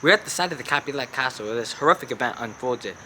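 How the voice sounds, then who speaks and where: A man's voice: medium pitch, expressive, fast, pushed and bright, a little hiss or hum, rough recording. A teen boy playing a dramatic field reporter. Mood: reporting. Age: teenager.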